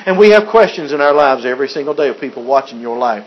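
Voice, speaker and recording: A man's voice: high voice, brisk, hardly any pauses. A man preaching a sermon as pastor, joking and chuckling, with frequent restarts. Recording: dull lo-fi recording.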